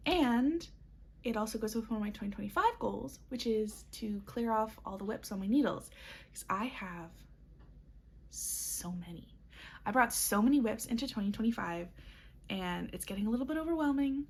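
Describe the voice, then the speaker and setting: A woman's voice: a little high, lively intonation, moderate pace, vocal fry, husky. A young woman talking casually to camera as a knitting vlogger, upbeat and chatty with frequent ums and little laughs. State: has the hiccups. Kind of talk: casual chat.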